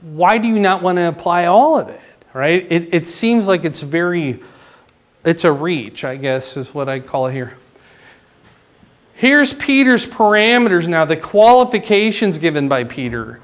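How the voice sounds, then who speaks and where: A man's voice: very animated, unhurried. Man preaching with frequent check-ins. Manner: conversational teaching, frequent "right?" and "okay?" check-ins; rises in pitch and volume for emphasis. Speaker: pastor. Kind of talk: sermon.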